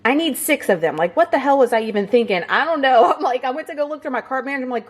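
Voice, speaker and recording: A woman talking straight into her phone camera for her fitness vlog. Her voice sits a little high. She stays chatty and upbeat, scattering "like" and "y'all" through her talk. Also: animated, fast talker, few pauses. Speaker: fitness and keto vlogger.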